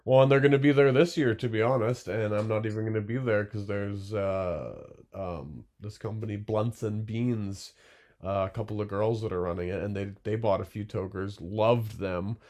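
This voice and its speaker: A man's voice: fairly low pitch, normal speed, a little mellow. A young man talking casually as a guest in an interview, rambling with lots of fillers and tag questions. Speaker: glassblower guest.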